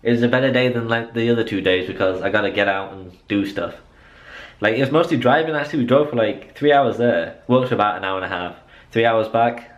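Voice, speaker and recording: A man's voice: medium pitch, fairly quick, lo-fi sound. A young man chatting in a rambling, self-mocking way as a vlogger. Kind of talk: casual vlog chat.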